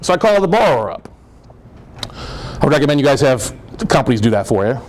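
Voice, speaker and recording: A man speaking to a real estate investor group, telling stories in an animated, joking way and laughing often. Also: mid-range voice, fast talker, low-quality recording. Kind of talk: storytelling presentation.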